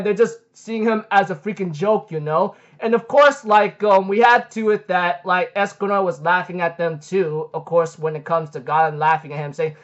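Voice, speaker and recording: A man's voice: high-pitched, moderate pace, hardly any pauses. A young man casually recapping an anime episode, rambling with many fillers like um and like. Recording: dull lo-fi recording.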